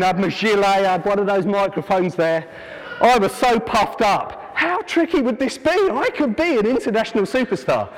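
A man's voice: high-pitched, slight background noise. A man preaching an informal sermon to a church congregation, chatty and self-deprecating, breaking into jokey asides. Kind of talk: informal sermon with a sung action chorus. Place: church hall. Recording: long church hall reverb.

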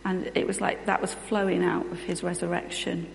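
A woman's voice: lowish voice, little pitch movement, normal speed, creaky, slight background noise. A woman in her thirties giving a sermon with personal testimony, in a candid, conversational storytelling manner. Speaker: preacher. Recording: echoey hall with long reverb.

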